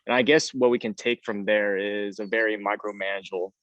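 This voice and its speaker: A young man in his late teens, a high school student band leader, speaking hesitantly on an online panel, losing his train of thought and getting emotional. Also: steady tone, brisk, a bit bright, no room sound. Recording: dull, dry lo-fi audio.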